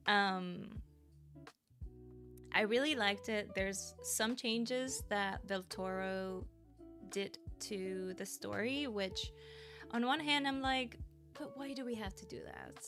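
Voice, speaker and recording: A woman's voice: medium pitch, takes it slowly, a bit bright, faint music behind. A woman streamer chatting casually with her livestream viewers, bubbly and giggly, thanking them and rambling between topics.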